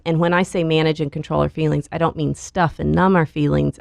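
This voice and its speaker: A woman who is a licensed counselor, calmly explaining coping skills as a podcast guest. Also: sits low, creaky, no room sound, clean studio sound. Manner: calm, measured explaining. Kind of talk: podcast interview.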